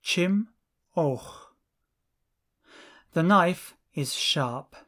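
A language teacher working through lesson drills at a very slow, careful pace. Each short phrase is set apart and clearly spoken, one after another, in a mid-range voice. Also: medium pitch, animated, fairly bright tone.

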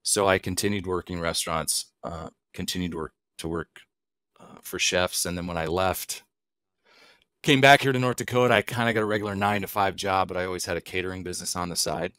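Deep-voiced middle-aged man telling stories. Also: steady tone, brisk, a bit bright, clear, resonant tone, dry recording. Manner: easygoing storyteller who asks and answers his own questions. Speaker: guest, wild game chef. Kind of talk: casual podcast conversation.

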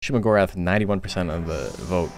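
A man's voice: sits low, quick pace, slight background noise. A man casually commenting on a game tournament stream, rambling with frequent filler words.

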